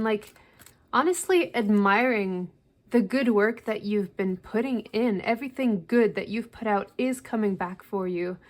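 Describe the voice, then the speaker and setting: Chatty woman giving a tarot reading. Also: mid-range voice. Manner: chatty, reassuring, with filler "like". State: slightly out of breath. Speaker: tarot reader. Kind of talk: casual spiritual tarot reading.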